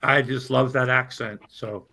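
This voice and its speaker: A man's voice: mid-range voice, steady tone, a little slow, creaky, bright, forceful tone. A man chatting on a casual livestream, rambling and crude, poking fun at himself. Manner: rambling, crude, self-deprecating. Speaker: livestream guest.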